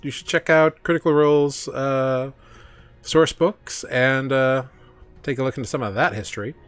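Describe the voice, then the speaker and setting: A man hosts a tabletop game stream as its game master, speaking in a relaxed, casual way full of small fillers and easy laughter. His voice sits at an ordinary middle pitch, and faint music plays quietly underneath. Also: moderate pace, clear, resonant tone, dry recording.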